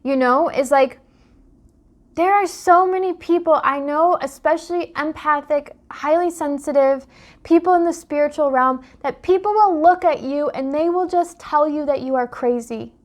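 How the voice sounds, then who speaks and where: A woman's voice: high voice, moderate pace. A young adult woman, a life coach, talking straight to her viewers in an impassioned vlog monologue full of rhetorical questions. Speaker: life coach and dream interpreter. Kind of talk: direct-to-camera vlog monologue.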